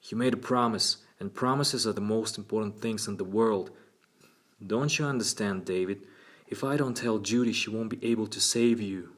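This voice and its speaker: A man's voice: on the low side, moderate pace, close to an everyday voice. A man voicing an earnest, persuasive woman psychologist in an audiobook reading.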